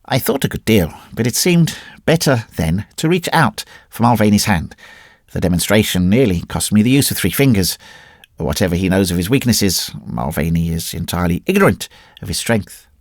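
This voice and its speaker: A man's voice: on the low side, expressive, normal speed, dry recording, studio quality. A man reading a classic story aloud as an audiobook narrator. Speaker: audiobook reader. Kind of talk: scripted narration.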